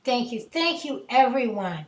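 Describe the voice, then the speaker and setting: Woman, high voice, spiritual host, preacher-like cadence, video call, echoey room. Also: very animated, a little slow. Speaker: host leading a spiritual prayer session.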